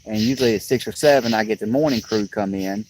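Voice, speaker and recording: A man's voice: on the low side, fast. A sleepy, yawning man rambling to his livestream viewers outdoors on a riverbank, in a drawling, plainspoken way. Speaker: fishing livestreamer. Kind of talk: rambling casual chat to viewers. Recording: outdoor clip with loud insect noise.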